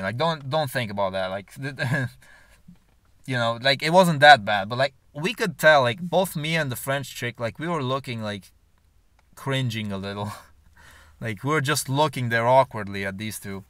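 A man's voice: mid-range voice, expressive, moderate pace, fairly bright tone, no room sound. A man telling a long personal story in a rambling, profane way, full of filler words. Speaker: vlogger. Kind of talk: casual storytelling monologue.

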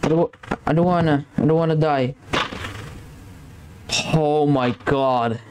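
A man's voice: fairly high pitch, fairly even intonation, takes it slowly. Jittery scared gaming commentator, man. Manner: jittery, scared, rambling, repeats himself. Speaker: gameplay commentator. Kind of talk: gameplay commentary. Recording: noisy background.

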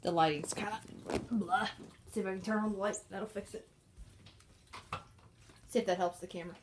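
A woman narrating her pets at home while filming on a handheld phone, chatty and giggly, slipping into squeaky voices for the animals. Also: steady tone, fairly quick, background noise. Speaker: pet vlogger. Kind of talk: casual off-camera narration of pets. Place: indoors at home. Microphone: handheld phone camera.

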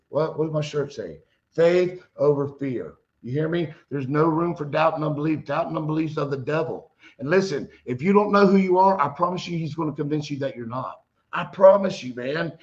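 A man preaching a fervent sermon, getting loud and exclaiming, telling stories with quoted dialogue. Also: a little high, dull audio.

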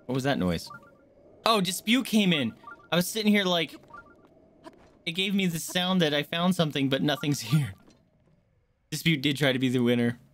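A woman's voice: low-pitched, expressive, moderate pace, pauses often, faint music behind. A young woman giving casual, jokey commentary while she streams a video game and chats with viewers. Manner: chatty, laid-back, jokey.

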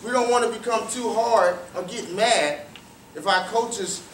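A man's voice: high voice, measured pace, noisy background. A man giving a motivational storytelling talk to a young audience, quizzing them with questions and repeating phrases for emphasis. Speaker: guest speaker at a youth cricket academy. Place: large room with an audience. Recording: roomy, distant, faint ambience.

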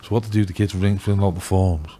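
A middle-aged man with a Liverpool accent, telling rambling, excitable stories in a casual podcast chat. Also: sits low, fast, a little hiss or hum. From England. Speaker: youth football scout.

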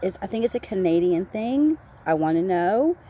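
A woman's voice: medium pitch, animated, normal speed, mellow, breathy edge. A woman in her thirties from the United States, chatting animatedly to the camera in a casual vlog. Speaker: vlogger.

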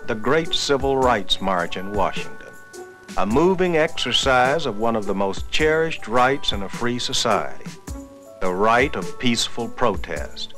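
Old newsreel guy, slow and solemn, sounds far off, music under it. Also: mid-range voice, animated, fairly bright tone. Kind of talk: archival newsreel narration. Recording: distant archival audio with music.

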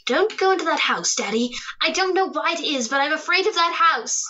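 A woman's voice: high-pitched, animated, fairly quick, bright, forceful tone, muffled recording, slight background noise. A woman voicing a playful, affectionate teenage daughter in a radio drama, teasing and bubbly. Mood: frightened. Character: playful, adoring teenage daughter putting her hair up.

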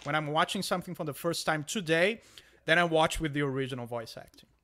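Brazilian man, Portuguese native, casual animated co-host, bright slightly high voice. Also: fast talker. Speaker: podcast co-host. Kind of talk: casual chat.

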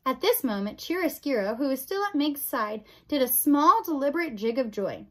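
A woman reading a children's novel aloud in an expressive storybook narration. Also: high voice, normal speed, poor audio. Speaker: audiobook reader.

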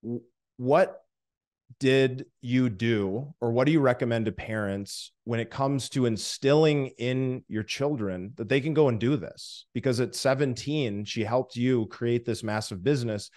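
A man's voice: medium pitch, moderate pace, a little mellow. A man hosting an interview podcast, asking his guest questions in a conversational way. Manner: conversational, winds up the segment. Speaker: podcast host.

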